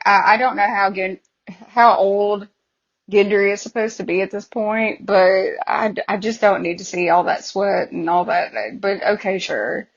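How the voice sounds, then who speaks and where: A woman's voice: mid-range voice, highs cut off. Emotional Southern woman podcast host. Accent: Southern American. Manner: emotional, quotes lines with feeling. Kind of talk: casual chat.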